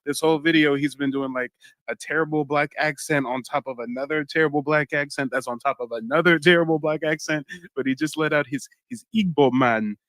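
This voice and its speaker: A young man hosting a live-stream reaction, talking straight to his chat in an animated way and exclaiming often. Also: fairly high pitch, fairly quick, no room sound.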